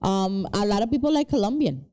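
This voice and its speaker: Lively woman, teasing podcast banter. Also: medium pitch, brisk. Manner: playful, teasing, laughs often, animated. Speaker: podcast co-host. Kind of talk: casual chat.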